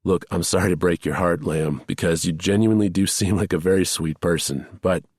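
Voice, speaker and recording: A man's voice: low-pitched, fairly even intonation, brisk, darkish tone, husky, dry recording, clean studio sound. A man doing a sardonic veteran male cop. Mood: teasing. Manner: mocking, laid-back, knowing.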